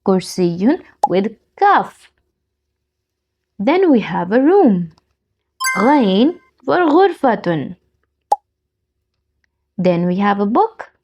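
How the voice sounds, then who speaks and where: Slow, lively woman teaching kids' Arabic. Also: medium pitch, dull audio. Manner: patient, repeats words for learners. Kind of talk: slow children's alphabet lesson.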